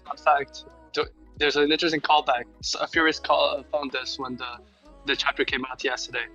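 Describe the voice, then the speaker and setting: A man's voice: fairly high pitch, flat delivery, fairly quick, pushed and bright, faint music behind, rough recording. A man on a video call chatting casually as a stream guest, stammering and repeating words. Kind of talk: casual chat.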